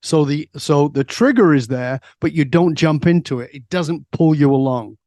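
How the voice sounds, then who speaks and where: A middle-aged man, a guest on an interview, telling stories in a lively way and answering his own questions. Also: a little high, moderate pace, no room sound. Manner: lively storyteller who asks himself questions and answers them. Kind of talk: storytelling in a conversational interview.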